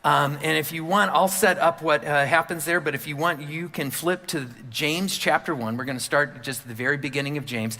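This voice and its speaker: A man preaches from the pulpit in a bright, forceful voice pitched a little high. He talks candidly and conversationally, with many fillers. His words trail off into a long reverb that fills the church sanctuary. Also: steady tone, a little fast, few pauses. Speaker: pastor. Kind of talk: sermon.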